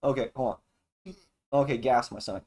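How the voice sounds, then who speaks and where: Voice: mid-range voice, normal speed, a little mellow. A streamer talking alone in a rambling, erratic and profane monologue, jumping from topic to topic. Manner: erratic, profane and jumpy, with sudden laughs and exclamations.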